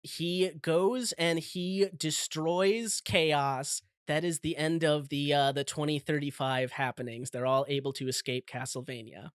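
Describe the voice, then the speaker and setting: A man with a somewhat high voice tells a story in a loose, joking podcast manner. He drops quick character lines into the recap. The sound is dry and close. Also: fairly even intonation, clear, resonant tone, dry recording. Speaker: podcast host presenting the topic.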